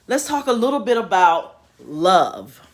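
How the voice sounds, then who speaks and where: A woman's voice: medium pitch, sing-song, unhurried. A woman hosting a casual spiritual chat from home, folksy and chatty with laughing asides. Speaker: host. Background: home repair noise.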